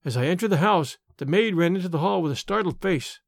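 A man narrating a story in the first person with an expressive, theatrical delivery. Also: high voice, fast, vocal fry, no echo. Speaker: audiobook narrator.

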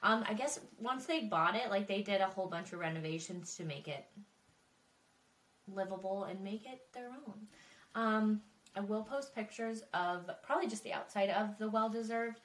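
A woman's voice: mid-range voice, normal speed, fairly bright tone, reverberant, recorded from a distance. A woman hosting a true crime podcast, talking casually with frequent swearing and emotional asides. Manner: chatty, swearing, emotional and tearful. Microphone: desk microphone.

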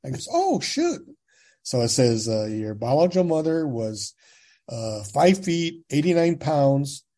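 A Californian man in his sixties, guesting on a podcast, tells his own story in a casual, plain-spoken way, animatedly acting out what others said. His voice is mid-range and a little slow.

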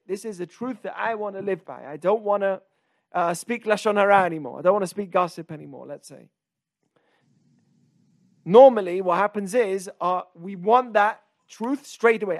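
A man a fairly high voice talks through a Jewish teaching on a podcast, loose and conversational, often restarting phrases and slipping into the taunting inner voice. The sound is dry and close, no room around it. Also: no echo. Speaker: podcast host teaching Torah. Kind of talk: informal religious teaching.

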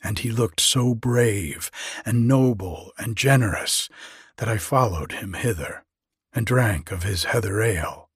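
Man reading a little old goblin, storybook, archaic pleading speech, husky, dry sound. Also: on the low side, measured pace, dry recording, heavily acted. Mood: mournful.

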